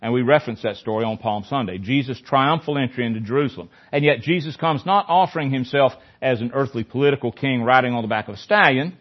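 A man's voice: mid-range voice, quick pace, few pauses. A man leading a Bible study in a conversational teaching style, often repeating phrases for emphasis. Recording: dull lo-fi recording.

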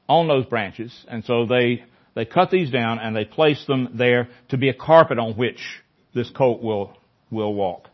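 A man leading a Bible study in a conversational teaching style, often repeating phrases for emphasis. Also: mid-range voice. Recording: dull lo-fi recording.

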